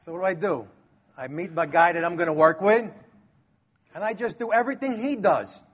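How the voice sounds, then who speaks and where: A man's voice: high voice, brisk, slightly rough. A middle-aged man from Brooklyn, telling a personal story and acting out the dialogue with chuckles. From Brooklyn, New York. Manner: lively, acts out dialogue, chuckles.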